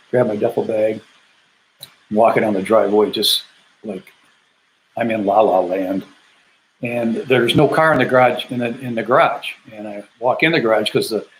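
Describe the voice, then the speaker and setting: Older guy from michigan, army vet telling his story, gets animated and does everybody's voices, soft hiss underneath. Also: mid-range voice, rough recording. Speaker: military veteran storyteller. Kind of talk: personal storytelling to camera.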